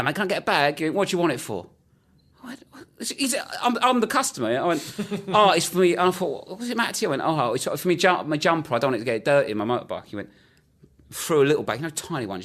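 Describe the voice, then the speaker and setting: A man hosting a comedy podcast, telling anecdotes quickly with lots of laughter and put-on voices for the people he quotes. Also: mid-range voice, fairly bright tone. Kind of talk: casual banter and anecdotes.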